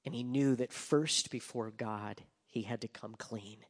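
A pastor preaching a sermon with passion, rising to loud emphasis and dropping to hushed whispers. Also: male voice, mid-range voice, fairly even intonation, measured pace. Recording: long hall reverb.

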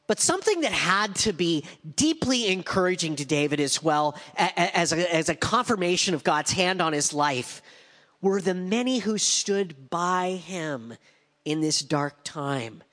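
A male pastor delivers a sermon in a conversational way, slipping in wry asides. His voice sits fairly high for a man. The recording has a long reverb from a large hall. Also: expressive, measured pace, a bit bright.

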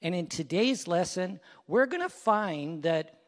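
A man preacher delivers a sermon in a fairly high, lively voice that swings widely. He takes his time over each phrase. His words trail off into the long reverb of a church hall. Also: a little slow, hardly any pauses. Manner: storytelling, rising to loud peaks and dropping to hushed prayer. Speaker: pastor.

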